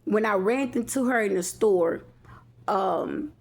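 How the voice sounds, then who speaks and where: A woman's voice: mid-range voice, lively intonation, slow, vocal fry, darkish tone. Rambling woman telling a personal story. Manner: rambling, with frequent restarts and asides to viewers. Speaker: vlogger.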